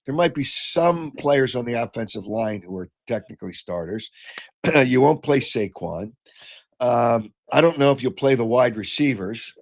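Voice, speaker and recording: An older man hosting a call-in sports radio show, blunt and opinionated, clearing his throat as he gets over a cold. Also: medium pitch, animated, moderate pace. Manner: blunt, opinionated, flares into shouting. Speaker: sports talk radio host.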